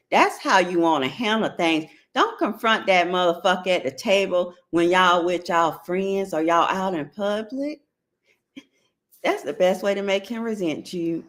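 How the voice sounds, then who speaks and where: Her voice sits fairly low with a bit of brightness. She is a middle-aged woman with an African American Vernacular English accent hosting a casual relationship advice talk, checking in with listeners in a blunt, profane way.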